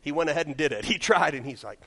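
A man preaching a sermon in a church. He reads scripture loudly and then drops into quiet, joking asides as he tells stories. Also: on the high side, fast. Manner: animated storytelling, swings from loud scripture reading to quiet asides. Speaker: pastor. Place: church sanctuary.

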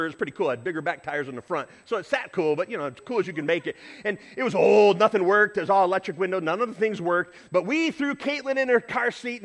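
A middle-aged pastor preaches a sermon, telling a story and acting out shouts and honks with lively energy. His voice is high-pitched.

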